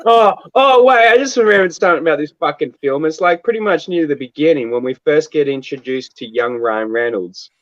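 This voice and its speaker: This man rants with lots of swearing and laughter in a casual stream chat. His voice runs high and swings widely. The audio is dry and muffled, like a cheap mic. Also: animated, fairly quick, hardly any pauses, fairly bright tone, no room sound. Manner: profane, laughing, rowdy.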